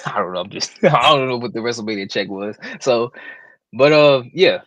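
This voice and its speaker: A man's voice: medium pitch, moderate pace, a bit bright, dry recording. A man co-hosting a live wrestling podcast, talking with boastful, playful trash talk. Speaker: podcast co-host. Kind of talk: casual live podcast chat.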